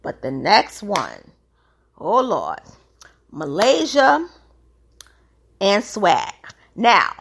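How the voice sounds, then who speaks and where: A woman recapping a reality TV episode in a casual, animated way, acting out the quotes in changing voices. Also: mid-range voice, drawn-out words, creaky, pauses often, husky.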